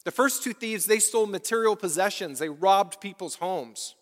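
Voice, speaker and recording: The long echo of a church hall surrounds a pastor preaching to his congregation at a moderate pace in a high-pitched voice. He repeats his lines and throws out rhetorical questions.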